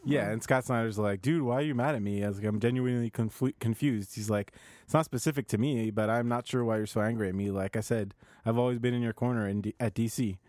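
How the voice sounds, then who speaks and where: A man in a relaxed podcast chat, reading out messages one after another and chuckling between them. His voice sits in a middle range and is recorded close and dry, with no room sound at all. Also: mid-range voice, fast, no room sound. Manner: reads tweets aloud with frequent laughs and restarts. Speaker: podcast co-host reading news. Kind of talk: casual chat.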